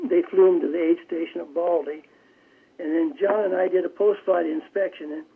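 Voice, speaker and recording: An older man calling in as a radio guest, recounting a memory in measured storytelling with frequent restarts, heard over a telephone line. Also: a little high, vocal fry, husky. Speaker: phone-in guest. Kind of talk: recounting a war memory in an interview. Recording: tinny phone line on radio.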